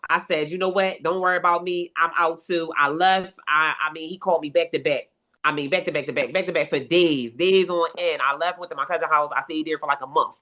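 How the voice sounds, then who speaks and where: A woman tells her story as a podcast guest, lively and dramatic, putting on the voices of the people in it. Her voice sits on the lower side. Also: fairly quick. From Philadelphia. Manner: animated storyteller, acts out voices in her retelling. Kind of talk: storytelling interview.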